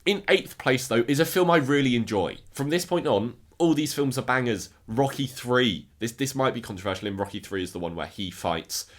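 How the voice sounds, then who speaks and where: A man's voice: medium pitch, lively intonation, moderate pace, few pauses. A man casually ranking films in a review video, enthusiastic and often repeating words as he restarts his sentences. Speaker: film reviewer.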